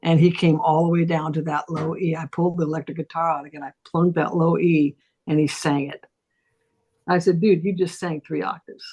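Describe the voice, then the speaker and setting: A middle-aged woman with a gravelly, husky voice tells a story in a casual conversation. She is a voice teacher, and she acts out each quoted line with big swoops up and down in pitch. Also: flat delivery, brisk, mellow, highs cut off. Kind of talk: casual storytelling on a talk stream.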